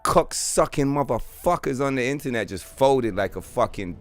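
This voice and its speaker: A man's voice: medium pitch, normal speed, soft background music. A man hosting a game livestream, telling rants and stories in heavy profanity, with a lot of animation in his voice. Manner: profane, ranting, animated storyteller. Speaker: streamer host. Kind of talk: casual game stream chat.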